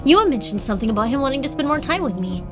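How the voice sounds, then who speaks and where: A woman streamer reading a visual novel aloud with expressive, dramatic delivery and casual asides. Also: sits high, rapid-fire. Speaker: game streamer. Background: game background music.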